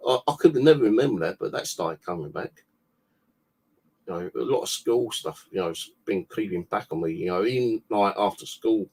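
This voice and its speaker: A man tells long, rambling stories from his own life, cursing freely and padding his talk with fillers. His voice sits very low and gravelly, with a husky edge. He talks over a video call mic. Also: darkish tone. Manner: rambling, heavy swearing, many fillers. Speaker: guest sharing personal stories. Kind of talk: casual storytelling.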